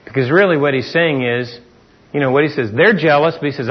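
A middle-aged pastor with a husky voice on the high side preaches fairly quickly in a conversational style. He asks his listeners rhetorical questions and acts out what people say. The recording of the sermon is dull and lo-fi.

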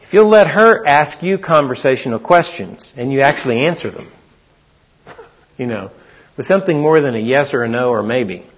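A man's voice: mid-range voice, breathy edge, highs cut off. A man preaching a sermon in a folksy, storytelling way. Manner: folksy storytelling, acts out quotes.

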